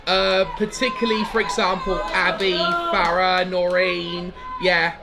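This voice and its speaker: A man's voice: sits high, little pitch movement, unhurried, vocal fry, a loud crowd. A young man player answering interview questions outdoors, earnest and a little formal. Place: outdoors at a rugby ground.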